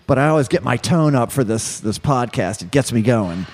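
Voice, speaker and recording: A man's voice: medium pitch, expressive, normal speed, darkish tone. A man co-hosting a podcast, talking casually in a tired way with frequent restarts. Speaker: podcast co-host.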